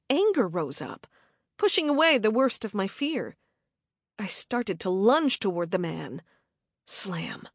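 A woman narrating a suspense story in the first person with measured, dramatic delivery. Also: mid-range voice, very animated, no room sound, clean studio sound. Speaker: audiobook narrator.

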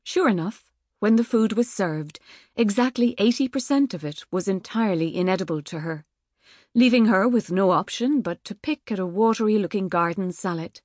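A woman reading an audiobook in a measured, wry manner. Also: mid-range voice, darkish tone, no room sound, studio quality. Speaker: audiobook narrator. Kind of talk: scripted narration. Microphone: studio microphone.

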